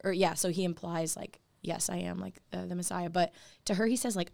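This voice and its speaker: A woman's voice: lowish voice, fairly even intonation, a little fast, creaky, a little mellow, dry recording. A young woman co-hosting a casual podcast, talking earnestly with lots of "like" fillers. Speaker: podcast co-host. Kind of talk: casual faith podcast chat.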